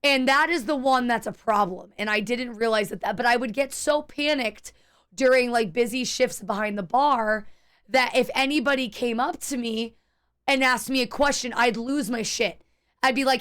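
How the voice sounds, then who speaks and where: A woman's voice: fairly high pitch, moderate pace, fairly bright tone, smooth. Candid, rambling woman streamer. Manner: candid, rambling, frequent restarts and swearing. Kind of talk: casual chat while gaming.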